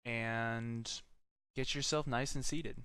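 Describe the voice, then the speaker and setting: A man running a tabletop game as game master, talking casually in a halting way. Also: mid-range voice, fairly even intonation, bright, forceful tone, smooth, dry recording. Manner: casual, halting, restarts often.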